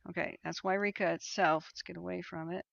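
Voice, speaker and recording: Creaky-voiced woman livestreaming wildfire maps. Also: on the low side, steady tone, fairly quick. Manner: thinking aloud, hesitant, many ums and restarts. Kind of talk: casual live-stream commentary. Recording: dull lo-fi stream audio.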